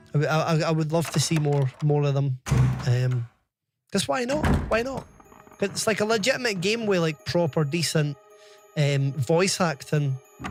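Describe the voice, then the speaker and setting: A young adult man with a Scottish accent, chatting casually and swearing as he livestreams a game. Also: a little high. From Scotland. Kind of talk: casual gaming stream chat.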